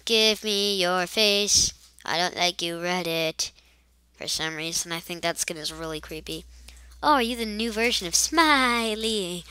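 A chatty woman rambles through a let's-play, tossing out silly asides between moves. Her voice is bright and smooth. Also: lowish voice, unhurried, no echo. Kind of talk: casual gameplay commentary.

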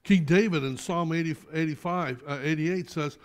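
Animated preaching man, fairly high voice. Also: moderate pace, few pauses. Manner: animated preaching with sudden soft drops. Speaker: pastor. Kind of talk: sermon. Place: church sanctuary.

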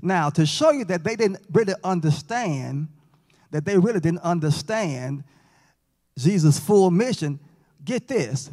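A man's voice: sits high, lively intonation, measured pace, a little mellow. A man teaching a Bible lesson in church, folksy, joking with and quizzing the class. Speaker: Sabbath school teacher. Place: church sanctuary. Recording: long church reverb.

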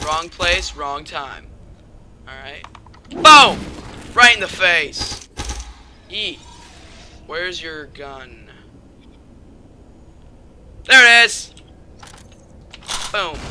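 A young man commenting on a video game, excitable and given to sudden yelps and shouted exclamations. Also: high voice, very slow, pauses often, background noise. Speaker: gamer doing commentary. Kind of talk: let's play commentary.

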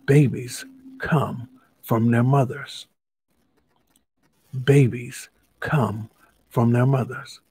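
A man's voice: medium pitch, steady tone, drawn-out words, pauses often, warm tone, slightly rough, no echo, heavily acted. A man voicing a talkative, proud male stork postmaster in a children's storybook, reeling off rhyming lists. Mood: insistent. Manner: chatty, lists things in rhymes.

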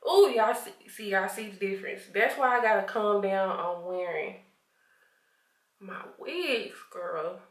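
A woman's voice: mid-range voice, measured pace. A sleepy woman with a Southern US accent chatting casually to camera at home, laughing often and calling viewers honey. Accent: Southern US (Arkansas). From Arkansas, USA. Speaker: vlogger. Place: at home, indoors. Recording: roomy, from a distant camera mic.

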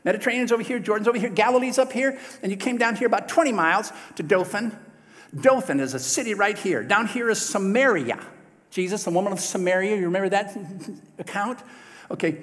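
A male preacher telling a Bible story in a sermon, lively and folksy, often asking the congregation questions. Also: high-pitched, long reverb tail. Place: church sanctuary.

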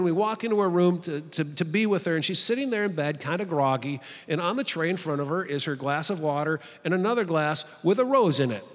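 Male retreat speaker, high voice, lively storyteller, long hall reverb. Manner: animated, acting out the voices in his story. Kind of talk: storytelling talk to clergy. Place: large conference hall.

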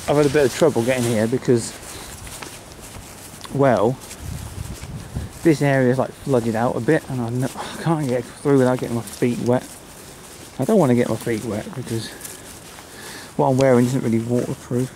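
A man's voice: mid-range voice, fairly even intonation, normal speed, darkish tone, a little hiss or hum. A British man vlogging on flooded country trails, rambling and self-deprecating while talking into his camera. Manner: rambling, self-deprecating, mutters asides to himself. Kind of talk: casual vlog talk to camera. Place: outdoors on flooded rural trails in winter.

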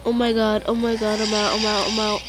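A woman giving casual commentary on her own game, excitable and quick to exclaim when startled. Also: medium pitch, very noisy. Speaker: let's play gamer.

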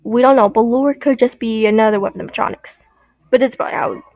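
A woman's voice: fairly high pitch, fairly even intonation, fast talker, dry recording, muffled recording. A young woman explaining game lore in a rambling, giggly way with many restarts. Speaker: video creator.

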